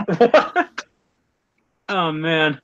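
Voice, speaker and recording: A man's voice: fairly high pitch, fairly bright tone, muffled recording, slight background noise. A man hosting a live stream, chatting casually and telling jokes, laughing often.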